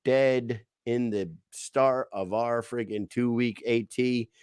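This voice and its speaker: A man's voice: medium pitch, slow, clean tone, no room sound, clean studio sound. A man in his thirties co-hosting a podcast in casual chat, joking and swearing freely. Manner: profane, joking, excitable. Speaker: podcast co-host.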